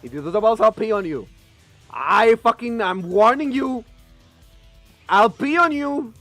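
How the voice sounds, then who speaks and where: A high-voiced male streamer with a native Spanish speaker's English swings his pitch all over as he plays. He curses freely, pleads with the game and yells at it, with faint music playing underneath. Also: measured pace, no room sound. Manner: profane, excitable, pleading with and yelling at the game. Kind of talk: live gameplay commentary.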